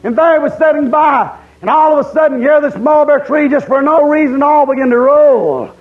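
High-voiced preacher man, lo-fi. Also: a little fast. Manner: repetitive, emphatic preaching. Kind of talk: sermon at a camp meeting.

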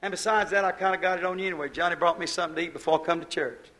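A man preaching a sermon, folksy and exuberant, swinging from hushed asides to shouted praise. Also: on the high side, rapid-fire, low-quality recording. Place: church service.

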